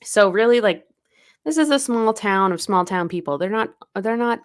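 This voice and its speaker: Smooth-voiced woman recapping a book. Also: medium pitch, animated, normal speed. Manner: retells the plot in quoted snippets, loose and chatty. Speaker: podcast co-host. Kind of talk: casual book recap chat.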